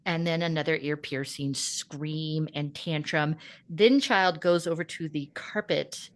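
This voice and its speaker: A middle-aged woman hosting a chat show, telling an animated story about her teaching day and acting out the people in it. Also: low-pitched, measured pace. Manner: animated storytelling, acts out voices. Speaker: podcast host. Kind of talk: casual chat.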